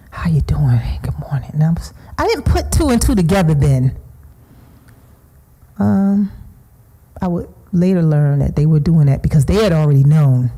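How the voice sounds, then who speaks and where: A grieving middle-aged woman tells her story to a seminar audience, her voice very dark and low. She speaks in a slow, halting way and often falls into a husky whisper. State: grieving, emotional. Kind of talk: personal testimony talk.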